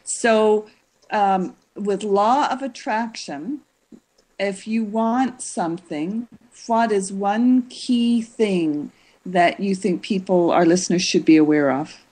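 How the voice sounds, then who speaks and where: A woman's voice: mid-range voice, takes it slowly, darkish tone. Woman podcast host, mid-range voice, curious interviewer who recaps the guest's points.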